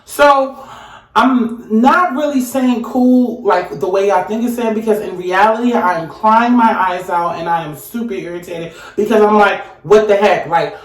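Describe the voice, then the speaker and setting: A young woman in casual storytime chat, animated and talking straight to her viewers. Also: medium pitch, normal speed. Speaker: vlogger. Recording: echoey room.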